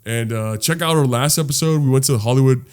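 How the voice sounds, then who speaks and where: Animated swearing podcast host, man. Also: medium pitch, a little fast, smooth. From Los Angeles. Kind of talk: casual storytelling chat.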